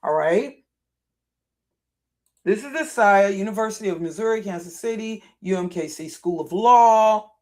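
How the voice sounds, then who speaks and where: Talking unhurriedly in a medium-pitched, expressive, slightly mellow voice, this live streamer narrates what's on screen off the cuff. His thinking-aloud speech loops with repeats and restarts, growing more agitated and exasperated throughout.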